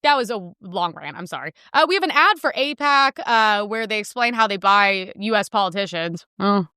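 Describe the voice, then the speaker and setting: Animated, bright-voiced woman ranting. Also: mid-range voice, clean tone, dry recording, clean studio sound. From United States. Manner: fast, animated, heated, swears with cut-off words. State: sore throat. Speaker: podcast host. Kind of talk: ranting commentary.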